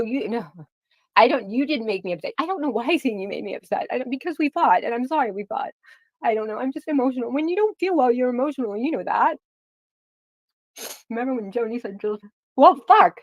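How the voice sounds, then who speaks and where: A middle-aged woman rants to the camera, angry and swearing as she keeps circling back to the same points. Her voice sits at an ordinary pitch for a woman and is recorded dry and close, with no room sound around it. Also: no room sound. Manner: heated, profane, repeats herself. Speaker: vlogger.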